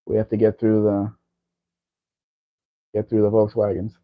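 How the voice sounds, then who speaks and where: A man's voice: lowish voice, monotone, unhurried. A man hosting a casual livestream chat, talking in a rambling, chatty way. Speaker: livestream host. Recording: dull lo-fi stream audio.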